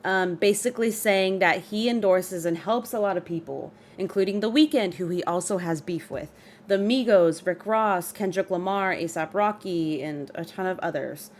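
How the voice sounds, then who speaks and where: A woman's voice: lowish voice, moderate pace, a little hiss or hum. A woman streaming live, chatting casually about a rap feud, reading lyrics and greeting her chat. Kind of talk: casual livestream commentary.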